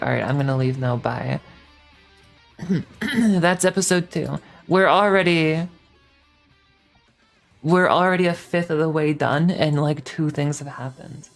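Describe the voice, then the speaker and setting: Faint guitar music sits quietly behind a casual chat from a woman streamer whose voice is notably low. She rambles, swears, and has a sarcastic edge.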